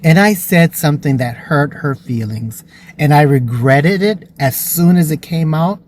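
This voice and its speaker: Vlogger, male, somewhat high voice, candid and earnest storytelling. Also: expressive, a little slow, darkish tone, a little hiss or hum. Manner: earnest and emotional.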